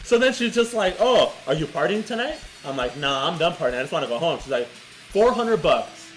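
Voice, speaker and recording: A man's voice: a little high, quick pace, low-quality recording. A man co-hosting a podcast, telling a story in casual chat and swearing freely. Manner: animated, swearing, laughing storyteller. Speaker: podcast co-host.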